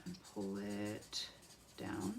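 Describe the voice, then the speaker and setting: A woman's voice: a bass voice, big pitch swings, very slow, very noisy. A woman hosting a live craft tutorial, chatting to viewers as she colors and muttering to herself as she picks pens. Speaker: craft demonstrator.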